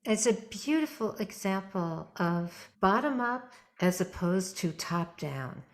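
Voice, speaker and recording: A woman's voice: medium pitch, lively intonation, takes it slowly. A woman hosting a podcast interview, reflecting thoughtfully on what her guest says. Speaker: podcast host and therapist.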